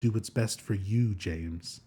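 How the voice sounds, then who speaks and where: A dying young wife pours out a farewell letter in a soft, subdued way, as a man reads her part aloud. The voice sits low and mellow, with a husky edge. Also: slow pace. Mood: sorrowful.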